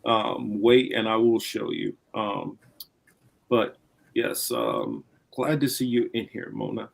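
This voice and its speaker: A man's voice: lowish voice, lively intonation, slow, gravelly, husky, poor audio. A man hosting a casual livestream, rambling and blunt, swearing freely as he talks through history. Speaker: livestream host.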